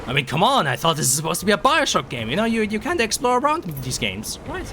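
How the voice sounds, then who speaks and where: A hoarse young man from Sweden, rambling excitably and swearing while commenting on a game he streams. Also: sits high, quick pace. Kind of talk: casual gameplay commentary. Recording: stream mic with game noise behind. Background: game sounds.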